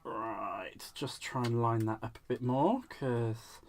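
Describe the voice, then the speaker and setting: A man's voice: mid-range voice, slow. A man with a mid-range voice talks his way through a craft project in a loose, playful stream-of-consciousness. He natters to himself and the viewers, repeating silly words. A faint background noise sits under him. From United Kingdom. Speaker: craft channel host. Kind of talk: casual live crafting chat.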